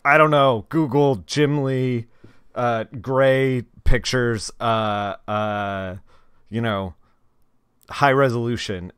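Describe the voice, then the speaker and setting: A man's voice: mid-range voice, a bit bright, clear, resonant tone, no room sound, clean studio sound. A young man chatting casually with his viewers on a live stream, rambling and talking straight to them.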